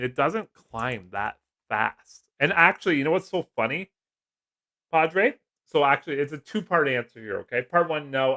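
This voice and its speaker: Man, middle-aged, relaxed live-stream host who jokes and chats with viewers. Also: mid-range voice. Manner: chatty, jokey, laughs often, reads comments aloud. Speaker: livestream host. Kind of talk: casual live-stream chat.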